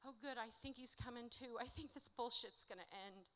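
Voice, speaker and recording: A woman performing her own spoken-word poetry at a live event, with a rhythmic, dramatic delivery that swings from hushed to loud. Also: a little high, a little fast. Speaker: author reading her own work. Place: indoor music venue at a live event. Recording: reverberant live venue recording.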